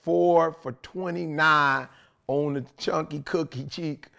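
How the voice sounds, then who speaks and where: A man co-hosting a podcast, telling animated stories in casual slang. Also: a little high, slow, vocal fry. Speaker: podcast co-host. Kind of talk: casual chat.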